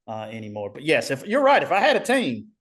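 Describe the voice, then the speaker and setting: Halting man. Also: fairly high pitch, huge pitch swings, a bit bright. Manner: halting, many restarts. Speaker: musician guest. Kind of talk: casual interview chat.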